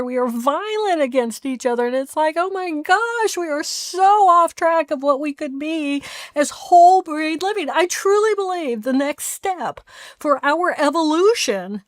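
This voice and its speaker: High voiced lady, emphatic, gets soft and hushed sometimes, dry close sound. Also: normal speed, dry recording. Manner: emphatic, expressive, often softens to a hushed voice. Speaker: guest. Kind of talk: podcast interview conversation.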